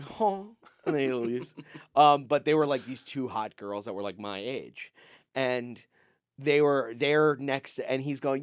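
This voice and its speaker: A man and comedian on a podcast telling rambling stories, acting out the people he quotes in a higher voice. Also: moderate pace, clean tone, no room sound, studio quality. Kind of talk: casual storytelling chat.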